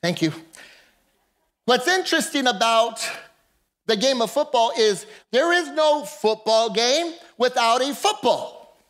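Man, pastor, church sermon, very high voice, impassioned, shouts out, calls to congregation. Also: animated, a little slow.

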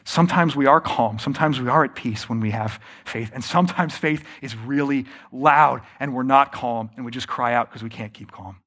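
A man preaching a sermon, often slowing down to stress his points and calling the listeners friends. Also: medium pitch. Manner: varies pace and loudness, slows for emphasis. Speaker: pastor.

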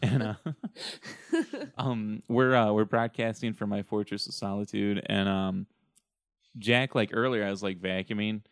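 A man's voice: on the low side, a little slow, clean tone, no room sound, studio quality. A man hosting a podcast from home, chatting casually with lots of laughter and self-mocking rambles. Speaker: podcast host. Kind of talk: casual chat.

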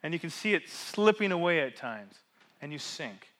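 A man preaching a sermon as pastor in a church, asking rhetorical questions and swinging between loud emphasis and hushed drops. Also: fairly high pitch, big pitch swings, moderate pace.

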